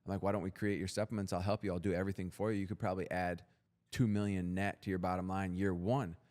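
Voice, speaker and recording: A man's voice: sits low, level tone, quick pace, a little mellow. A young man as a podcast guest, telling his story in a blunt, profane, intense motivational way. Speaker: guest entrepreneur.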